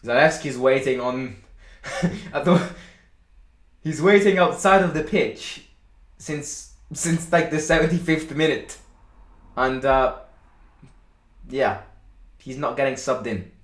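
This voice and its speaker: A man hosting a live football watchalong stream, reacting excitedly to the match and chatting with his viewers. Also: medium pitch, slow pace, long pauses, roomy sound. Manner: excitable, shouts and boasts at goals, chatty with viewers.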